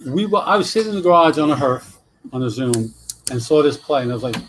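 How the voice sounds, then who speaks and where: Chatty man telling stories, slightly high voice. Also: fast talker, a little hiss or hum. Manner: animated storyteller, tangents. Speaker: podcast co-host. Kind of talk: casual chat.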